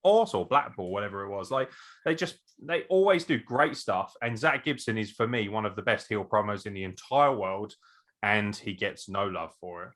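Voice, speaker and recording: Bloke ranting on a podcast, swears a lot, gets excited, laughs a lot. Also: male voice, on the low side, normal speed. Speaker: podcast co-host. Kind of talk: casual chat.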